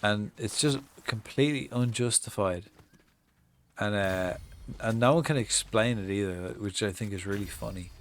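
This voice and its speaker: A man's voice: fairly low pitch, moderate pace, a little hiss or hum. An Irish man chatting casually on a live gaming stream, swearing often and telling stories with mock-acted reactions. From Ireland. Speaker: game streamer.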